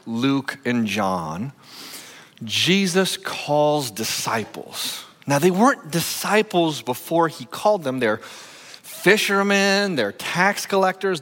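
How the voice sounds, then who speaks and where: A male senior pastor preaching a sermon in a playful, animated way, coaching a volunteer through a skit. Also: a little high. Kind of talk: sermon with a live audience skit. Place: church sanctuary. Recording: long echoing church hall.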